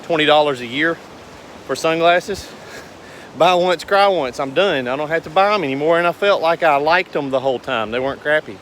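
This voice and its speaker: A man in his thirties with a drawl, chatting to camera in a rambling, earnest way. His voice sits a bit on the high side for a man. A faint outdoor hum with passing vehicles runs underneath. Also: a little fast, a bit bright. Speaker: business owner vlogger. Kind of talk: casual talk to camera.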